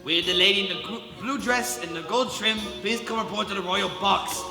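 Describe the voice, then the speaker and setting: An actor playing a sheriff who calls out an archery contest with loud, formal announcements, in a live stage play. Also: male voice, sits high, fairly quick, creaky. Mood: commanding. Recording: echoey hall, music behind.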